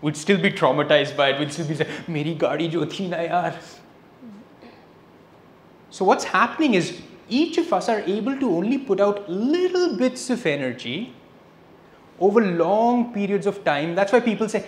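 A man giving a public spiritual lecture, telling stories with a lively delivery and dropping in Hindi phrases. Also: high-pitched, normal speed. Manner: lively storyteller, switching between English and Hindi phrases. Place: lecture hall, indoors. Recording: echoey hall with faint noise.

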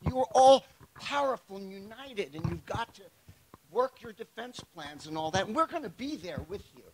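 An older American man, a retired army general on a panel, speaking bluntly and emotionally with halting restarts and fillers. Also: high-pitched, sing-song, poor audio. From United States. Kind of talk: panel discussion.

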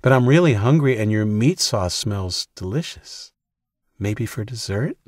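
A young woman in a dark audiobook, as a male narrator puts her on, sly and desperate. The voice is lifted well above his own, soft and coy at first and shrill when she begs. It stays husky and dry. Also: animated, unhurried, dry recording.

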